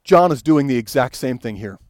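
A man's voice: mid-range voice, animated, brisk, a little mellow, no echo. A man preaching a sermon in an earnest, pastoral way, building to fervent emphasis as he quotes. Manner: earnest, rising to fervent emphasis when quoting.

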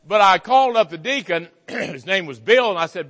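A pastor preaching a sermon to his congregation, telling a story in a folksy, animated way, his voice swinging from loud to hushed. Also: high voice, brisk, few pauses. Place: church sanctuary. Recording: hall reverb.

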